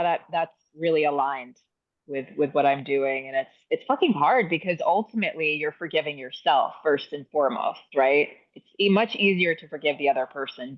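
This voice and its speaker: A woman talks candidly on a group coaching call and laughs easily as she speaks. Her voice comes through slightly muffled, lo-fi call audio. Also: low-pitched. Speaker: call participant. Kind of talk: casual chat.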